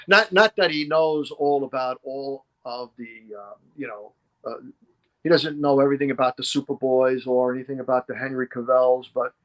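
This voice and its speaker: Middle aged guy rambling through fan stories, average pitch, you know every other word. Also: a bit bright. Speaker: guest historian. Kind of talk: casual podcast storytelling.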